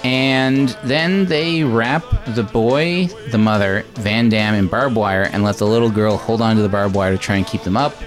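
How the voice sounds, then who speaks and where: A man's voice: fairly low pitch, normal speed, hardly any pauses, faint music behind. A man co-hosting a casual movie podcast, chatty and jokey as he recaps the plot. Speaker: podcast co-host.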